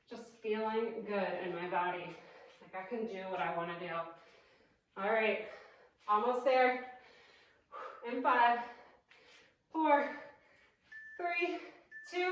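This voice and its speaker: Out of breath lady leading a workout, kinda high voice, counting down, super echoey room with the mic way off. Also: fairly bright tone, distant mic, a little hiss or hum. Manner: upbeat, counts down reps, chatty asides. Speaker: fitness instructor. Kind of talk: live workout class cueing. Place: indoor room at home, evening workout.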